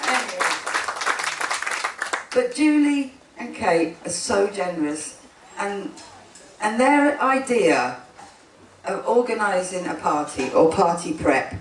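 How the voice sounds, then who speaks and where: A woman's voice: medium pitch, very animated, takes it slowly, long pauses, a faint crowd, slight background noise. A woman, the twin sister of one bride, giving a chatty wedding speech, laughing often and breaking off mid-sentence. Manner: chatty, laughing, self-interrupting. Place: wedding gathering indoors. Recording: echoey room, speaker far from the mic.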